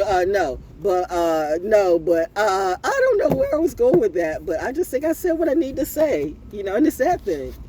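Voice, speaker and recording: A middle-aged woman rants at length, her pitch leaping up and down as she swears and breaks into laughter. Faint noise sits behind her voice. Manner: animated and profane, laughing often. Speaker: vlogger. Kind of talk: unscripted ranting monologue.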